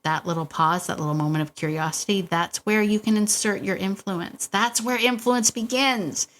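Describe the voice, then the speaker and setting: A woman's voice: mid-range voice, normal speed. A middle-aged woman hosting a dog-training podcast, coaching listeners in a casual, encouraging way with frequent laughs and repetition. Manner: warm, encouraging, laughs often, repeats herself.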